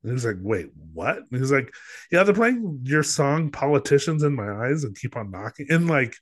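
A man's voice: medium pitch, lively intonation, brisk. A man co-hosting a podcast who talks in a casual, rambling way, full of filler words, and acts out what other people said. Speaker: podcast co-host. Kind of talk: casual chat, film review.

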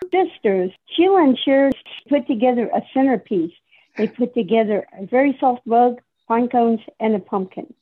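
A woman's voice: a little high, expressive, moderate pace. Woman reading a story over a tinny line. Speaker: workshop participant. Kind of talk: reading her own short story.

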